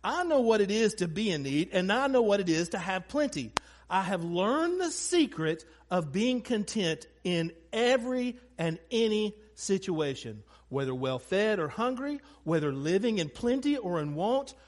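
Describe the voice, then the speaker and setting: Lively high-voiced man preaching. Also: unhurried. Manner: animated storytelling with asides and acted quotes. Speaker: pastor. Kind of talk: sermon.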